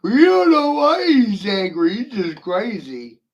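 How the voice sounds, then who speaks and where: A man's voice: high-pitched, sing-song, takes it slowly, creaky, muffled recording, pitched above the performer's own voice, full character voice. A man putting on a sneering, sing-song voice to imitate clueless critics. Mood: mocking.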